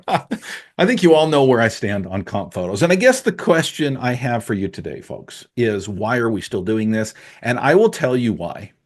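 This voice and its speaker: Lively, passionate man ranting on a podcast. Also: mid-range voice, moderate pace. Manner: passionate, emphatic, ranting with asides. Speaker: podcast host, appraisal coach. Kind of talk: emphatic podcast monologue.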